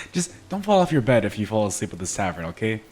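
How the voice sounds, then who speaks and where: A man's voice: lowish voice, big pitch swings, normal speed, darkish tone, soft background music. A man giving casual commentary while building in a video game, rambling playfully and laughing at himself. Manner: playful, giggly, self-mocking rambling. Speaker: gameplay video creator.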